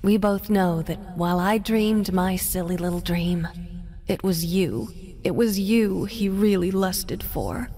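An actress playing a bitter, jealous wife who speaks in a slow, hushed, resentful way. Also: female voice, mid-range voice, lightly acted. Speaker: game character.

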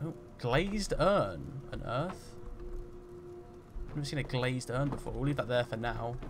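A man hosting a game roleplay, talking through it in a chatty, jokey way and getting loud and jumpy when startled. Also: mid-range voice, animated, measured pace, over music. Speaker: gaming roleplay host. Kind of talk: roleplay let's-play commentary.

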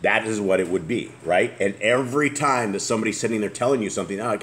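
A man's voice: on the low side, fast, few pauses, fairly bright tone. A man hosting a casual scripture study, reading verses aloud and commenting in a chatty way. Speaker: host of a Torah study show.

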